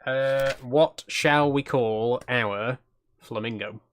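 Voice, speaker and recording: A man's voice: mid-range voice, slow, a bit bright, slight background noise. Chatty self-deprecating male streamer. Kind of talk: live stream gameplay commentary.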